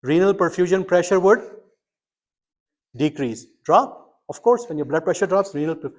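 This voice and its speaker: Middle-aged male instructor, slightly high voice, lively classroom lecture, quizzes students. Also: moderate pace. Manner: quizzing students, animated and emphatic. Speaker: medical school instructor.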